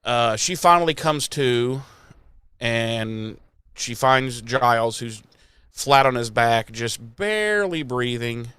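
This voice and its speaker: Guy recapping a tv episode, pitch jumps all over, cusses a lot, dry close mic. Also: slow, clear, resonant tone, dry recording. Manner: animated, sweary and jokey. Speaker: podcast host.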